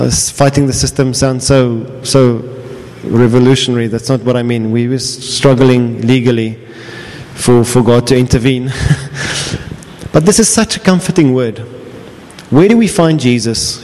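Pastor preaching in a reverberant hall. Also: male voice, mid-range voice, darkish tone. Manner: earnest, repeats himself, restarts phrases. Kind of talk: sermon. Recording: long reverb of a large hall.

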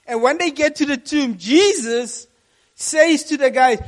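A man with a strikingly high voice delivers a sermon to a congregation in the room. He tells the story in an animated, storytelling way, repeating his main phrases for emphasis like a lively youth preacher. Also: measured pace. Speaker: youth pastor.

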